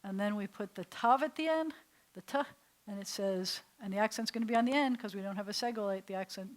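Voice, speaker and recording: A woman's voice: medium pitch, fairly quick. Woman, rabbi, classroom teaching, chatty, asks questions. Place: classroom with a small group seated.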